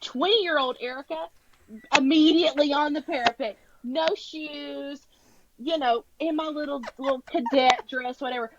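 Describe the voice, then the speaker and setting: High-voiced woman on a dull podcast mic. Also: normal speed, very noisy. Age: 30s. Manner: chatty, self-deprecating, trails off and restarts. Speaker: podcast co-host. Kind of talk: casual book recap chat.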